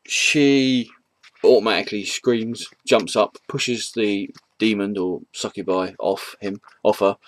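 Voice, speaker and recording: A man's voice: on the low side, steady tone, slow. A man casually retelling a comic book's story for a review, hesitant and rambling, with many ums and chuckles at the jokes.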